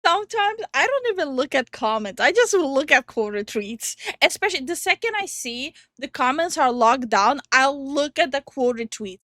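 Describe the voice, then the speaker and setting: Giggly woman co-host, high voice, dry close sound, animated reaction chat. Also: normal speed, few pauses, no room sound. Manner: giggly and animated, laughs often.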